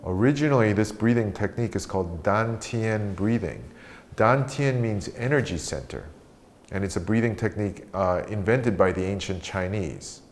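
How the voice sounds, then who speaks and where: A man guides a meditation in a slow, calm voice on the low side, teaching breathing along with a question practice.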